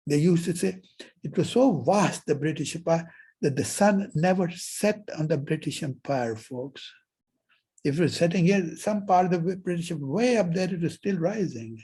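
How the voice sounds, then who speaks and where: Guy professor lecturing, husky mellow voice, slightly high, acts out little dialogues. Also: expressive, normal speed. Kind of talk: university lecture. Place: lecture hall.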